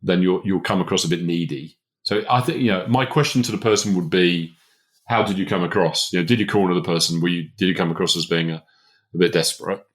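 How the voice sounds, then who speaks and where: A man's voice: low voice, fast talker. A man hosting a podcast, giving career advice in a casual, emphatic way and chuckling often. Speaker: podcast host, business consultant.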